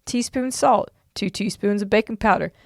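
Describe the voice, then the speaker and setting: A woman's voice: medium pitch, vocal fry, no echo, studio quality. Chatty woman reading old recipes. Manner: brisk, chatty, reads lists in a rhythm. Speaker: podcast co-host. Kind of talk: casual chat, reading old recipes aloud.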